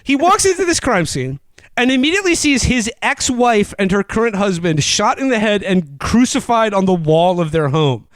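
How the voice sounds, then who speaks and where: A man co-hosting a podcast, retelling a film plot in a rambling, animated comic chat with laughs. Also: high voice, moderate pace, no room sound. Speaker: podcast co-host. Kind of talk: casual comedic film review chat.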